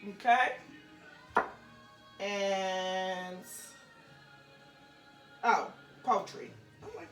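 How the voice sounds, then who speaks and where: A woman's voice: lowish voice, sing-song, slow pace, pauses often, music in the background. Chatty woman cooking in an echoey kitchen. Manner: chatty and playful, talking straight to viewers with laughing asides. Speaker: home cooking vlogger. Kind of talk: casual cooking demonstration. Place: home kitchen.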